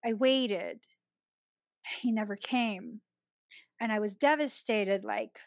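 A woman hosting a podcast, telling a personal story in a chatty, expressive way and often laughing. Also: medium pitch, takes it slowly, creaky, pauses often, no echo. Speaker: podcast host.

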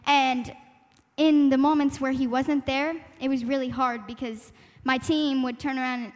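A young woman with a high, bright-pitched voice speaks earnestly at a church youth meeting. She is reflective and thinks aloud, with little laughs and fillers. The sound carries a long hall reverb. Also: fairly even intonation, normal speed. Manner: reflective, laughs lightly, talks through her thoughts with fillers. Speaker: panel speaker sharing a testimony.

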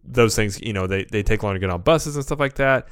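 A man's voice: lowish voice, fairly quick, clean tone, no room sound. Dry-voiced man, chatty podcast co-host. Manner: chatty, animated storyteller. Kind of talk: casual chat.

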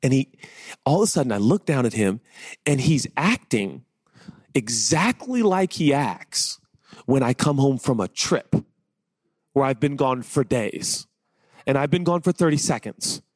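Chatty, animated male preacher, dry sound. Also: medium pitch, unhurried, pauses often, no echo. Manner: animated, chatty, heavy use of "like", builds to excited rhetorical questions. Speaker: pastor. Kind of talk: conversational sermon with personal stories.

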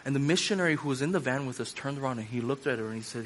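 A man's voice: mid-range voice, very fast, few pauses, a little hiss or hum. A man preaching a sermon in a loose conversational way, repeating phrases for emphasis and using casual fillers. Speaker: pastor.

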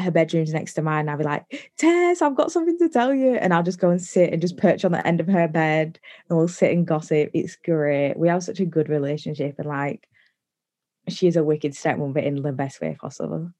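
Young woman, low pitch, chatty storytelling, filler-heavy. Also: fairly even intonation, a little mellow. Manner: chatty, many likes, quick bursts of laughter-ready storytelling. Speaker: podcast guest. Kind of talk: casual storytelling.

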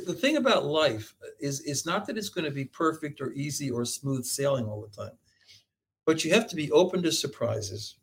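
Husky guy, kinda high voice, animated storyteller guest. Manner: animated, acts out quotes, laughs often. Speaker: guest, medical school professor. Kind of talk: storytelling interview talk.

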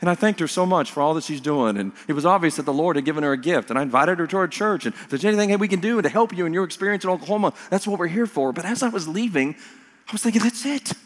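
A middle-aged man preaching a sermon as a pastor, slowing down to stress key phrases and breaking into storytelling asides. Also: fairly high pitch, animated. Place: church sanctuary. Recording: long reverb of a large hall.

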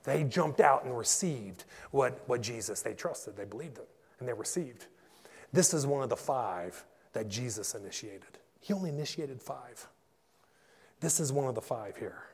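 A man, a pastor, preaching a passionate sermon and telling stories that build to loud peaks. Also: medium pitch, animated, moderate pace, gravelly, husky. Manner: passionate storytelling, rising to shouts in climaxes. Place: church. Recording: echoey church hall.

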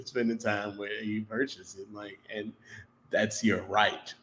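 A man co-hosting a casual sports talk show, bantering loosely with quick joking asides. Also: lowish voice, level tone, fairly bright tone. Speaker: podcast co-host. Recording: roomy echo.

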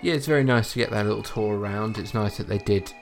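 A man co-hosting a podcast, chatting in a relaxed, appreciative way about a sitcom. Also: lowish voice, fast, gravelly, faint music behind. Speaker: podcast co-host reviewing a sitcom. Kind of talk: casual chat.

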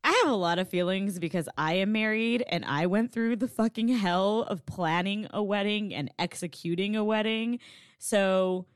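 A woman's voice: on the low side, animated, moderate pace, no room sound, studio quality. A married woman talking frankly about a movie in casual chat, swearing and laughing easily. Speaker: co-host.

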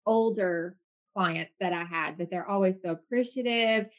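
A woman's voice: mid-range voice, moderate pace, dull audio. A woman from Arkansas with a light Southern accent, hosting a casual conversation and steering the topic.

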